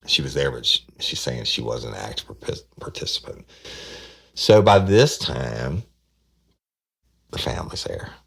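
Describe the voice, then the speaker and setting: A man's voice: rumbling low, fairly quick, creaky, hardly any pauses, pushed and bright, breathy edge. A man, telling a true-crime story on a podcast in a rambling way, often repeating words and acting out what people said. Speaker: podcast host recounting a case.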